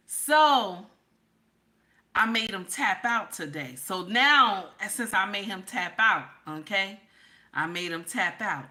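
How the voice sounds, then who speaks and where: A woman's voice: mid-range voice, takes it slowly. A woman, host of a casual livestream who reads chat comments aloud and teases her viewers. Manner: animated, teasing, talks straight to chat viewers.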